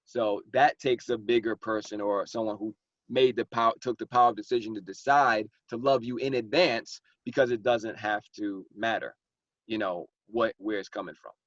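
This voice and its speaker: A man's voice: on the low side, moderate pace, no echo, lo-fi sound. A man, hosting a casual group discussion as the author and acting out people as he talks. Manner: animated, acts out exaggerated characters mid-story.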